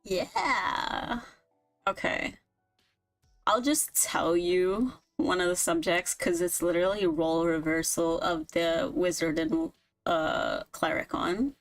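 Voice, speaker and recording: A woman's voice: on the low side, sing-song, takes it slowly, soft background music, poor audio. A woman co-hosting an improv stream, chatting casually and giggling now and then. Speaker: improv co-host. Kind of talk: casual chat.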